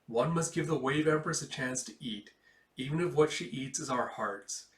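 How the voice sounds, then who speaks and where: Man doing a dry mocking pirate queen, bright voice, echoey room; near his own voice. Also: mid-range voice, moderate pace, far from the mic, close to an everyday voice. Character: fierce female pirate commander, mocking.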